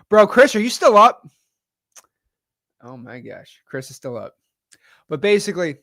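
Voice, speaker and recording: A man's voice: fairly high pitch, big pitch swings, normal speed, pauses often, a bit bright, no room sound, clean studio sound. A man hosting a live-stream lesson on real estate deals, talking in a casual, slangy way and acting out calls with sellers. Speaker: real estate wholesaling coach and host. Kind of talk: live-stream teaching session.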